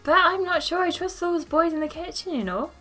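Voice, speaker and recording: A woman's voice: extremely high pitch, a little fast, sharp tone, soft background music, voice pushed up. A woman reading the lines of a chatty young woman in a dating villa, in a gossipy tone.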